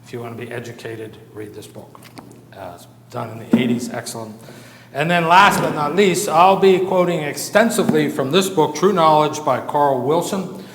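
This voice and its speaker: A man's voice: on the high side, moderate pace. A man giving an informal church lecture from an outline, talking conversationally with fillers and asides and often checking in with "okay?". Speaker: lecturer at a church Bible institute. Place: church hall. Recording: roomy hall echo, faint noise.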